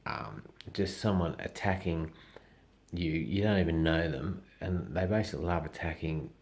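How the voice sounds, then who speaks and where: A man's voice: low voice, moderate pace, a little mellow. A man with an Australian accent talking casually to camera in a blunt, profane way, acting out the voices of people he quotes. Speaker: social media personality.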